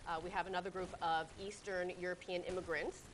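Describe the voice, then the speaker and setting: A woman's voice: fairly low pitch, little pitch movement, fast talker, slight background noise. A woman guest on a talk show, explaining a story patiently with frequent ums and uhs. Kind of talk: casual interview chat.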